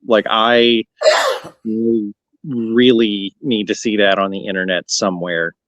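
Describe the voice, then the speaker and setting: Low-voiced man on a dry mic. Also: flat delivery, takes it slowly, fairly bright tone, no room sound. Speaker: podcast co-host. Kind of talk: casual recap chat.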